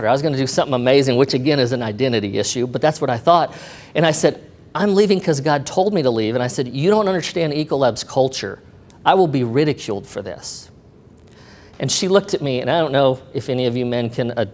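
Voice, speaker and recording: Middle-aged man telling a lively story. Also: mid-range voice. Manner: animated, acts out the voices of others in the story. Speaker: speaker sharing a testimony. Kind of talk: storytelling talk to an audience.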